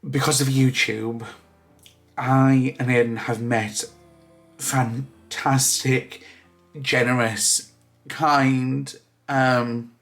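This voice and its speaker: A man's voice: mid-range voice, level tone, a bit bright, soft background music. Tearful man vlogging. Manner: tearful, halting, many fillers and restarts. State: crying. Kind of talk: emotional casual vlog.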